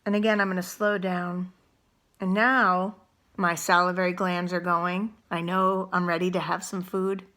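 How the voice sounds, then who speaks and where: A middle-aged woman, a wellness coach, gently and slowly guiding a mindful eating demonstration, chewing as she talks. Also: lowish voice, level tone. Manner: slow, gentle, unhurried guidance; eats and chews while talking.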